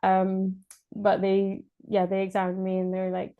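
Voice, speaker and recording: A Scottish woman recounts her story as a podcast guest in relaxed, unscripted speech. She hesitates a lot and restarts her sentences, with laughs slipping in. Her pitch stays fairly level and even throughout. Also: a little slow, narrow, tinny audio. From Scotland. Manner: hesitant, many fillers and restarts, laughs often. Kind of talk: casual spoken birth story.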